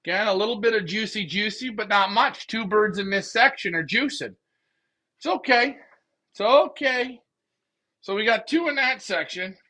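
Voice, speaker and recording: A man with a high, bright voice hosts a casual pigeon racing live stream, cracking jokes and rambling to his viewers. He talks into a phone he carries while walking out to his backyard loft at night. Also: normal speed. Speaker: pigeon racing show host.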